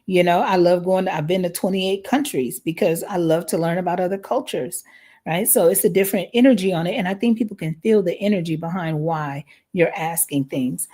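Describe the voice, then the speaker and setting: Low-voiced woman hosting a parenting talk. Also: fairly quick, warm tone. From United States. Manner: conversational, frequent "right?" tag questions. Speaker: parenting podcast host. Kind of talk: live podcast talk.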